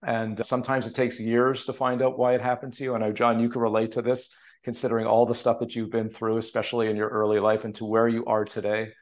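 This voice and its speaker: Man, from Canada, animated storyteller, casual podcast interview, remote call. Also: medium pitch. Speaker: guest, TV producer and author.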